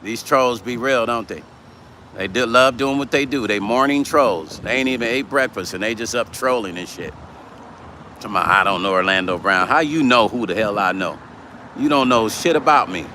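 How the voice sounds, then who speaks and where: A man's voice: medium pitch, lively intonation, moderate pace, sharp tone, a little hiss or hum. A man chatting casually on a livestream, reading viewer comments aloud and talking bluntly with plenty of swearing. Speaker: vlogger hosting a livestream.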